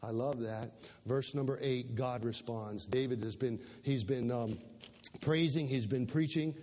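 A man preaching a sermon as pastor, emphatic, swinging between loud passages and soft ones and repeating words as he builds. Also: medium pitch, a little slow. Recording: long hall reverb.

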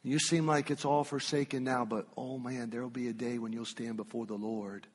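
A man preaching a sermon, telling a personal story with emphatic, drawn-out phrasing. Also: medium pitch, little pitch movement, husky, big-room sound.

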